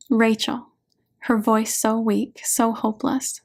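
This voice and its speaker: A woman narrating her own audiobook in a gentle, measured voice. She reads slowly, her pitch sitting a little high. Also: level tone, gravelly. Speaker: author and hypnotherapist narrating.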